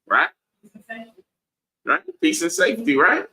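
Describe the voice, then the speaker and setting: Preachy guy teaching bible class, bright sharp voice, echoey room. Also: sits high, wildly swooping pitch, slow, gravelly. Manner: preachy, asks the room "right?" over and over.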